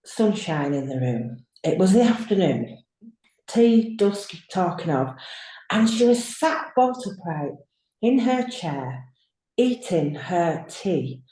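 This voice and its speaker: Chatty woman nurse with a mellow, echoey voice. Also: lowish voice, takes it slowly. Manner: lively, chatty, acts out her own quotes. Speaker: nurse guest. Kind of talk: casual storytelling on a video call. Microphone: video call.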